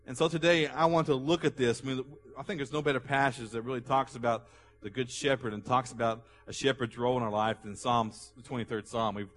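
A man pastor preaching a sermon to his congregation, asking questions for them to answer and reading scripture aloud slowly with emphasis. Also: mid-range voice, a bit bright. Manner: call-and-response questions to the congregation. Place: church sanctuary. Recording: long hall reverb.

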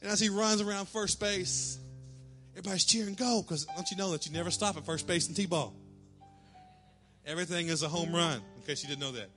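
A male pastor preaching a sermon in church, telling a lively story and calling out cheers in a raised voice. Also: high voice, fairly quick, faint music behind. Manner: animated storytelling, shouting quoted cheers.

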